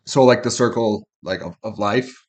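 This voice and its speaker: A man's voice: on the low side, normal speed. A man co-hosting a reaction channel, breaking down song lyrics in a loose, chatty way and swearing freely. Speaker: co-host of a music reaction channel.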